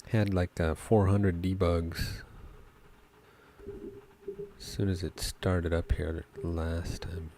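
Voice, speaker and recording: A man, a game developer, talking through his code as he works, thinking aloud with pauses and fillers. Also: low-pitched, flat delivery, warm tone, a little hiss or hum. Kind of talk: live coding commentary.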